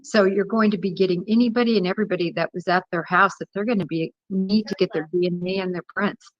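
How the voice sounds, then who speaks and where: A woman guest with a police background explaining forensic evidence in a measured way, pausing often with "uh". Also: medium pitch, steady tone, no echo, highs cut off. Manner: measured, hesitant, lots of uh. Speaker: former police investigator as guest. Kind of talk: interview explanation.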